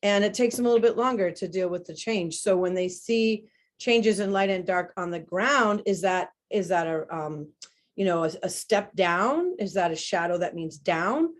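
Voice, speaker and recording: A woman teaching about horse behavior in a webinar conversation, talking in an animated way and demonstrating sounds as she explains. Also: medium pitch, moderate pace.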